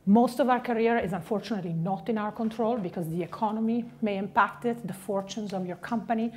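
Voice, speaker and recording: A woman's voice: medium pitch, fast. A woman giving an emphatic, motivational keynote speech at a conference. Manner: emphatic, list-driven advice. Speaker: conference speaker.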